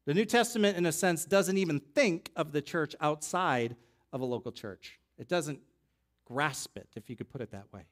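A man's voice: fairly high pitch, expressive, moderate pace. A man preaching a sermon as pastor, teaching in a conversational way with restarts and side remarks, now and then rising into emphatic peaks.

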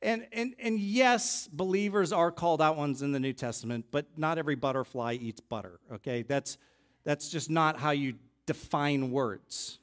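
A pastor preaching a sermon in a loose, conversational teaching voice, a man pitched a touch high. He stumbles and restarts, drops into offhand asides, then builds to louder, emphatic stretches. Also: normal speed.

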